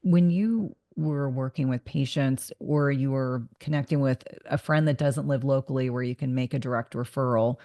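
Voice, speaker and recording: A woman's voice: rumbling low, moderate pace, hardly any pauses, dark tone. A woman in middle age hosting a podcast interview, talking in an earnest, reflective way and sometimes repeating words as she thinks. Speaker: podcast host. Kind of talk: casual interview conversation.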